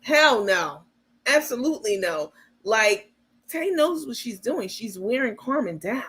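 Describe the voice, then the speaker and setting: A woman's voice: a little high, sing-song, unhurried, fairly bright tone. A woman hosting a livestream, giving casual commentary in a blunt, outspoken way with some profanity and asides to her viewers. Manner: addresses viewers as "baby" and "you guys". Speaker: livestream host.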